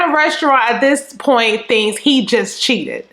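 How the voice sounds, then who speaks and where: Animated young Southern woman telling a story. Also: a little high, measured pace, hardly any pauses, reverberant. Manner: animated, chatty, fills talk with "you know what I'm saying". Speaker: storytime vlogger. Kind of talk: casual storytelling.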